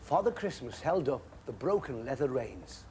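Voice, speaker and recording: A man reading a children's Christmas story aloud, expressive and animated. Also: medium pitch, normal speed, a little hiss or hum.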